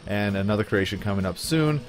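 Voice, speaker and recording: A man's voice: on the low side, expressive, brisk, faint music behind. A man casually commenting on his own gameplay video in a playful, goofy way, often chuckling. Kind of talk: casual let's play commentary.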